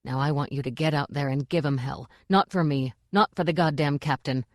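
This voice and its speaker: Bossy, exasperated stage manager barking at his cast, lowish voice as a woman narrator puts him on, storybook reading. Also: normal speed, no room sound, studio quality, natural voice. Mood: rousing. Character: harried male theater stage manager, bossy.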